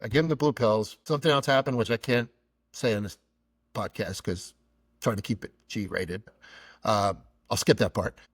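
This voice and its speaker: A man's voice: on the low side, normal speed, no echo. A middle-aged man hosting a podcast, telling a funny personal story and acting out the dialogue. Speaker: podcast host.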